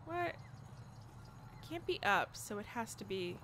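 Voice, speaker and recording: A woman's voice: mid-range voice, sing-song, unhurried, fairly bright tone, a little hiss or hum. Frustrated swearing woman gamer. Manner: frustrated, swearing, self-mocking. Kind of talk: casual gameplay commentary.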